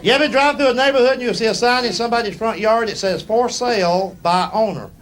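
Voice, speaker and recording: This is a live club recording of a middle-aged stand-up comedian from the US, telling stories in a folksy drawl to an audience. His voice is extremely high, fairly bright and quick. Through the stage mic you hear crowd noise and laughter from the audience.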